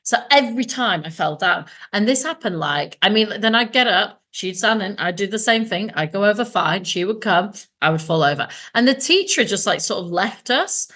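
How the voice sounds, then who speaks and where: A woman's voice: medium pitch, normal speed, few pauses. A young woman from England co-hosting a podcast, chatting casually and acting out voices in her anecdotes. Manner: animated, laughs often, acts out voices in anecdotes. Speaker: podcast co-host. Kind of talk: casual chat, storytelling.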